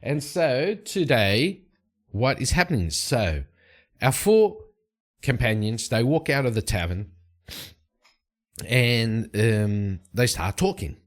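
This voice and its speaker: A man's voice: medium pitch, very animated, takes it slowly, pauses often. A young man casually narrating his solo tabletop game, rambling with fillers and restarts.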